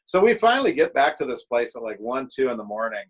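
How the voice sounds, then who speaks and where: A man's voice: mid-range voice, big pitch swings, fast talker, husky, rough recording. A middle-aged man, a guest drummer from the United States, telling road stories in a laid-back, rambling way and swearing freely. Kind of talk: casual storytelling.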